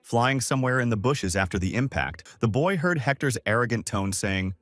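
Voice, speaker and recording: A man narrating a story recap from a script in a steady storytelling manner. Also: medium pitch, normal speed, no echo. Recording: dry close voice over soft music.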